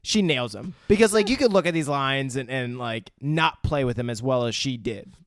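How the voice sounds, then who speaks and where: A man co-hosting a casual movie-review podcast, laid-back and quick to laugh, on a close mic. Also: mid-range voice, expressive, no echo. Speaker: podcast co-host.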